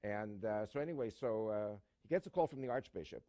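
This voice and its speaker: A man's voice: on the low side, lively intonation, brisk, dark tone, dry recording. A man answering questions as a guest in an interview, emphatic and full of fillers and jokes.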